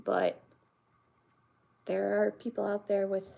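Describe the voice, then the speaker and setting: A young woman with a soft lilt talks to her live-stream audience at an unhurried pace. Her voice carries a gravelly fry, and she rambles through her stories with plenty of "like" and "um.". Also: mid-range voice, completely flat delivery. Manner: rambling, many fillers and restarts. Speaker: streamer chatting with viewers. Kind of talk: casual live-stream chat.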